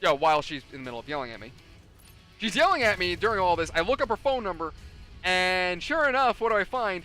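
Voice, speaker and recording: A man's voice: high-pitched, sing-song, fast talker, bright, forceful tone, faint music behind. A man with a New York accent chatting casually during a game stream, telling rambling stories and swearing freely. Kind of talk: casual gaming chat.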